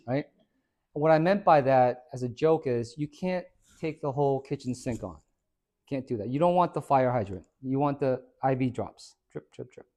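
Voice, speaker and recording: This mid-range male voice moves at normal speed as a middle-aged fitness coach gives a small salon group a motivational talk indoors. Jokey and animated, he spins stories and voices both sides of the dialogue.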